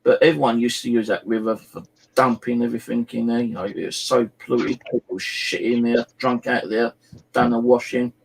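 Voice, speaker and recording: Middle-aged Aussie host, gravelly husky voice, rambling casual storyteller who swears. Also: male voice, medium pitch, little pitch movement, normal speed, rough recording. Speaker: live stream host. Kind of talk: casual chat.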